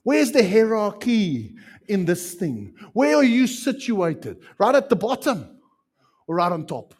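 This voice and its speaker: A man preaching a sermon as pastor, animated and repeating phrases for emphasis. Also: sits high, a little slow.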